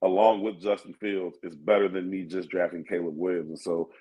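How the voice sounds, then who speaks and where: Male sports radio co-host, lowish voice, easygoing, filler-heavy delivery. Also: level tone, a little fast, dark tone, rough recording. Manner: laid-back, thinks aloud with many fillers. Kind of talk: casual sports talk.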